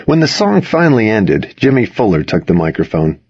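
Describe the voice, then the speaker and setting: A man narrating a first-person audiobook in a wry, measured storytelling manner. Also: on the low side, very animated, darkish tone, breathy edge, dry recording, muffled recording.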